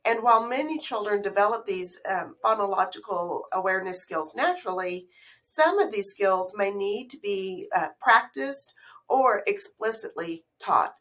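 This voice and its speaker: A woman's voice: mid-range voice, animated, normal speed, a bit bright. A woman giving a recorded slideshow lesson on early reading, speaking in a patient, explanatory way and putting questions to the listener. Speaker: literacy educator.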